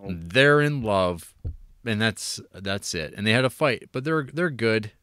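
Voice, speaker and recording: A man co-hosting a casual film review podcast, animated, swearing and acting out scenes. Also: on the low side, normal speed, no echo, studio quality. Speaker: podcast co-host.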